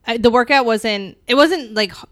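Young female co-host; loose, halting, filler-heavy talk, recorded dry. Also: a little high, dry recording. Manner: halting, trailing off, many fillers. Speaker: podcast co-host. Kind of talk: casual chat.

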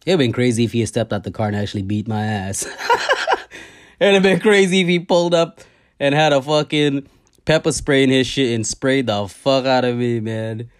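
A man tells a story from his day. He talks in a loose, casual way, swears freely and repeats his key lines for effect. His voice sits at an ordinary middle pitch. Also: brisk. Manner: animated, profane, repeats himself. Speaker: podcast host.

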